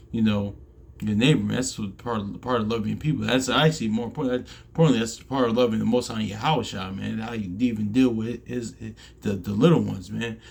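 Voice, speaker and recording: A man giving a casual scripture teaching, reading verses aloud in a halting way, often restarting and ending phrases with "man". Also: lowish voice, creaky, slight background noise.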